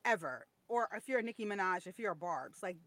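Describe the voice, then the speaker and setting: A woman's voice: mid-range voice, animated, fast talker, a bit bright, no echo. A woman co-hosting a podcast, chatting casually and sharing opinions in a storytelling way. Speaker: podcast co-host. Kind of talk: casual chat.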